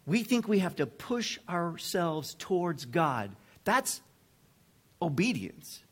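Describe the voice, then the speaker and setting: A man preaching a sermon to a group of men, earnest and measured, dropping to a hush and then building to fervent emphasis. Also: sits high, very animated, breathy edge. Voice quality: drops to a near whisper at times. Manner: slow, earnest delivery with dramatic swings from hushed to fervent.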